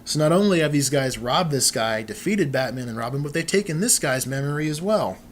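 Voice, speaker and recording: A chatty, amused man talks through an old comic, mixing readings with asides, in a fairly high voice. A faint noise sits under the recording. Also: animated, a little fast. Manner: amused, chatty, laughs now and then. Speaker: podcast host. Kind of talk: off-the-cuff comic book reading with commentary.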